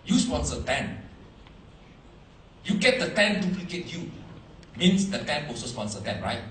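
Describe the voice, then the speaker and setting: A man giving a seminar talk to a live audience, animated, quizzing the crowd, in broken English phrasing. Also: fairly high pitch, a little slow, roomy sound, far from the mic, a little hiss or hum, low-quality recording. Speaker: motivational speaker at a business seminar.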